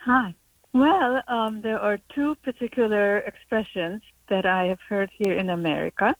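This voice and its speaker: A woman's voice: medium pitch, normal speed, no echo, rough recording. Woman calling in. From Hungary. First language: Hungarian. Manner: hesitant, with many fillers. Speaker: caller. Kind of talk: call-in storytelling. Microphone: telephone call.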